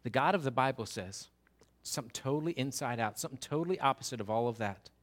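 A man's voice: mid-range voice, expressive, quick pace. A man preaching a sermon in an earnest, emphatic way, often restarting his words.

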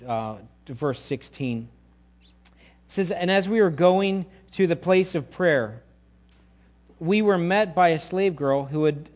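Animated preaching man, slightly high voice. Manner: animated preaching, acts out quoted voices loudly. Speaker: pastor. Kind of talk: sermon.

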